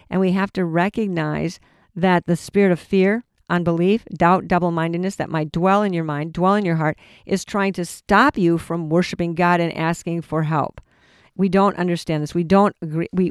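A man's voice: high-pitched, clear, resonant tone, no room sound, studio quality. A man giving an informal Bible teaching sermon, earnest and conversational, often restarting his phrases. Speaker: preacher.

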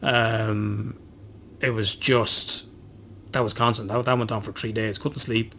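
A man's voice: on the low side, little pitch movement, measured pace, vocal fry, bright, forceful tone, a little hiss or hum. A man, co-hosting a podcast and telling a long rambling story, swearing constantly and poking fun at himself. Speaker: podcast co-host. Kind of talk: casual chat.

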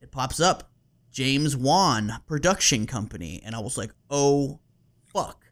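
A man hosting a podcast, telling a story in casual chat, animated and laughing, with casual swearing and plenty of fillers. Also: mid-range voice, normal speed.

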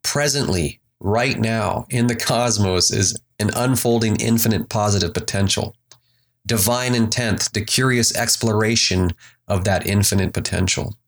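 A man giving a relaxed, conversational motivational talk on mindfulness, slowing down to lead breathing. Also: lowish voice. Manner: relaxed, conversational, slows for emphasis. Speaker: spiritual teacher. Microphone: desk microphone.

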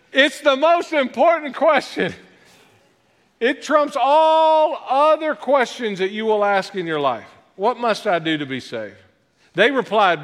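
Animated high-voiced pastor preaching in a hall. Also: male voice. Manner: self-deprecating joking asides, animated delivery. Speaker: guest pastor. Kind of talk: sermon. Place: church sanctuary. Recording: long hall reverb.

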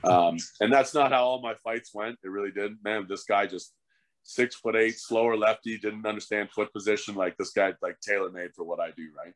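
This middle-aged man, once a hockey fighter and now a coach, spins profane, animated stories during a laid-back podcast conversation. His voice sits on the lower side at a normal pace, with no echo in the recording.

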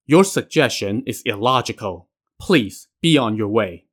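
An earnest older male sage and prime minister speaks firmly about duty and heaven's will, as a man reading the tale puts him on. His manner is dutiful and steady, at a mid-range pitch. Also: measured pace.

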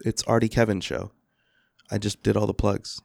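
A man's voice: fairly low pitch, flat delivery, normal speed, gravelly, darkish tone, no room sound, studio quality. A man guesting on a podcast in casual banter, joking and profane. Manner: joking, profane, plugs his show.

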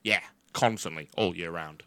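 A man, co-hosting a podcast in casual comedic chat, playful and bawdy as he pitches absurd ideas. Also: moderate pace, pushed and bright. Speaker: podcast co-host.

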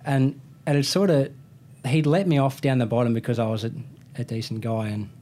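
With a warm, medium-pitched voice, fairly even intonation, and a fairly quick pace, a thirtysomething Australian motorcycle racer rambles through a story in casual conversation. He keeps restarting and correcting himself, using plenty of slang, over slight background noise.

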